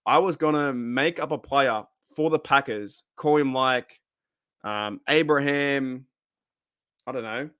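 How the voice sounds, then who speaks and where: A man's voice: mid-range voice, slow, fairly bright tone, clean tone, dry recording, studio quality. Rambling Australian man telling a story. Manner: rambling, laughs often, restarts, Aussie slang. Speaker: podcast host. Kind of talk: casual live podcast storytelling.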